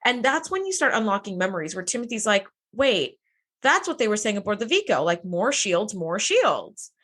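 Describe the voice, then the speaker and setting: Lively woman co-hosting a podcast. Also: mid-range voice, normal speed. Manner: animated, acts out characters' lines. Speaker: podcast co-host. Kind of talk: casual chat recapping an episode.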